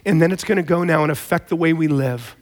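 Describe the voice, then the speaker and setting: A man preaching a sermon in a conversational, storytelling way, with animated emphasis. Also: on the high side, quick pace. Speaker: pastor.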